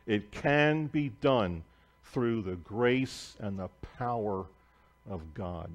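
Slow, emphatic male preacher. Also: lowish voice, animated. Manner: emphatic storytelling, swinging between loud and hushed. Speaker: pastor. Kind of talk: sermon. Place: church sanctuary.

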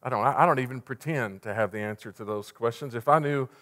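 A man preaching a sermon as pastor, swinging between loud urgent passages and hushed, soft ones. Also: mid-range voice, fast. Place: church sanctuary. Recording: long church reverb.

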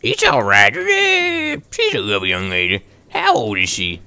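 A man voicing a gentle, polite old woman in a visual novel, in a deep voice close to his own. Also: huge pitch swings, moderate pace, gravelly, clean tone, no echo, exaggerated voice. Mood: kindly. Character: kindly stout old woman on a train.

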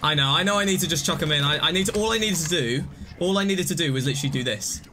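Excitable young male gameplay streamer. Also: fairly high pitch, fast, slight background noise. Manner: rambling, self-mocking, excitable. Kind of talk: live gameplay commentary.

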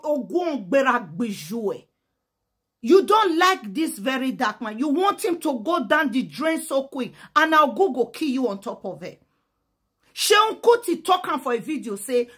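A Nigerian woman with a high, bright-toned voice talks straight to camera in a fired-up rant. She speaks with a strong Pidgin accent, sliding between Pidgin and English and hammering her points with emphatic, fiery force. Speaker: social media commentator.

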